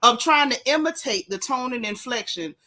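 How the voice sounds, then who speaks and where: A woman's voice: fairly high pitch, animated, moderate pace, a loud crowd. A woman hosting a casual chat, talking emphatically and at length about her opinions. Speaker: host.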